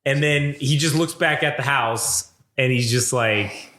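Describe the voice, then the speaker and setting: A man's voice: medium pitch, a little slow, sharp tone. Amused man in an echoey room. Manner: profane, amused commentary. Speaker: comic book podcast co-host. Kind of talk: casual review chat. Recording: roomy echo.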